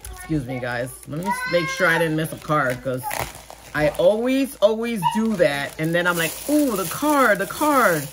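A woman's voice: low voice, very animated, unhurried, pauses often, noisy background. A woman vlogger chatting casually as she opens gifts, gushing and gasping with delight. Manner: gushing, gasps and squeals when delighted. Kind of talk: casual unboxing chat.

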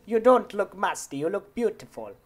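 This is an excitable young man, narrating his own game role-play as a tow truck driver. His voice sits fairly high for a man, and he teases the other players and laughs easily. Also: moderate pace. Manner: excitable, teasing, laughs often. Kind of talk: role-play gameplay commentary.

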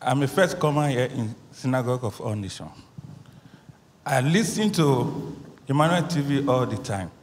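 A man giving an earnest testimony before a church congregation, telling his story in an animated way. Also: medium pitch, moderate pace, slight background noise. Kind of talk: spoken testimony. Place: large church hall. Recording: echoey church hall.

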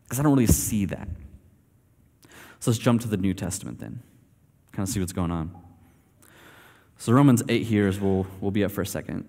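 A man's voice: lowish voice, lively intonation, a little fast, mellow. Male pastor, easygoing conversational sermon delivery, reverberant sanctuary sound. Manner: casual, conversational preaching with many fillers. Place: church sanctuary. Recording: long hall reverb.

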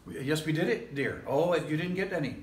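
In an echoey church sanctuary with slight background noise, a man with a fairly high voice preaches briskly. As pastor, he delivers a rambling, casual sermon packed with jokes and chuckled asides.

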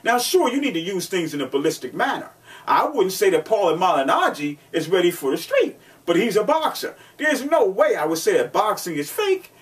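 A man's voice: sits high, distant mic. A man who teaches martial arts, talking in an emphatic way with lots of rhetorical questions and repetition. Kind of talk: instructional video talk.

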